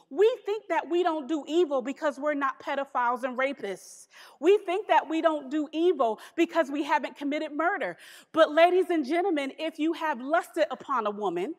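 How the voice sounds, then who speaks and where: A woman preaching a sermon in a church, lively and humorous, with emphatic asides. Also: sits high, in a large hall.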